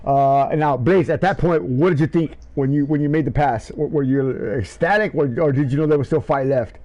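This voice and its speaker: Hyped male race caller, slightly high voice, rambling and breathless. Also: fairly quick, muffled recording. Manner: shouting excitedly, then breathless and rambling. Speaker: race commentator and host. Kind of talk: excited sim racing commentary.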